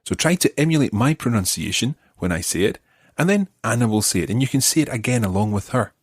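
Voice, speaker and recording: A middle-aged man, a language teacher and podcast host, leads a friendly guided lesson, patiently explaining and modeling pronunciation for learners. His voice sits on the low side and is animated and fast, with a breathy edge and no echo.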